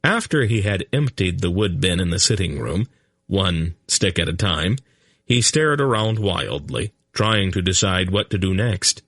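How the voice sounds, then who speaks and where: A man's voice: sits low, lively intonation, measured pace, a bit bright, dry recording. A man narrating an audiobook in a dry, comic storytelling manner.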